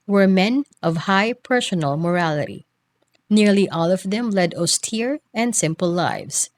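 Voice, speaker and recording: A woman narrating a history textbook as an audiobook reader, in a measured, phrase-by-phrase reading. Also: mid-range voice.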